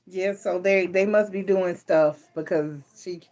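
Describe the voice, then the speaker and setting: A woman's voice: mid-range voice, a little mellow. A middle-aged woman giving a live tarot reading and chatting from home at night, playful and laughing often. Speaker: tarot reader.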